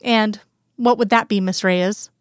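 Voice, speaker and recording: A woman voicing a gentle, playful man in bed. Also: mid-range voice, steady tone, unhurried, smooth, dry recording, studio quality, lightly acted. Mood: playful, tender. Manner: murmuring, gently teasing.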